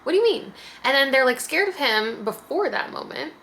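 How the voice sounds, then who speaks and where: Young female host, casual vlog chat, bright edge, animated with frequent laughs. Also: sits high. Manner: animated, laughs often, quick asides. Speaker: book vlogger.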